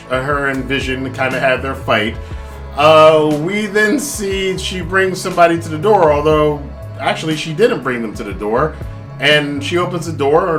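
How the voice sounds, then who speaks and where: A man's voice: on the high side, fairly bright tone. A man hosting a casual spoken TV review, rambling and chatty with many restarts. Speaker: podcast host reviewing a TV show.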